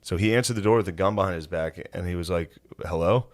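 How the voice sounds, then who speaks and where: A man co-hosting a podcast in casual banter, telling stories with dry, deadpan asides. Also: low voice, quick pace. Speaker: podcast co-host.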